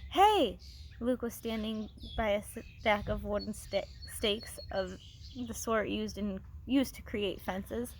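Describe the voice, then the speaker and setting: A woman teacher reading a novel aloud to her students, expressive, with small restarts, on a phone. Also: mid-range voice, slow, slight background noise.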